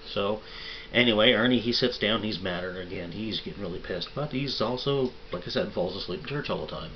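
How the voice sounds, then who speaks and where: A man rambles through crude jokes in a relaxed, folksy drawl, cursing freely. His voice sits fairly low. The recording is dull and lo-fi, with a faint hiss behind him. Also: brisk. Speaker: vlog host telling jokes. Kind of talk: casual joke telling.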